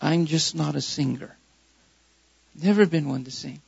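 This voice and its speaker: A man's voice: a little high, a little slow, vocal fry, a little mellow, husky, big-room sound, dull audio. A male pastor preaching a sermon, repeating key phrases with rising emphasis.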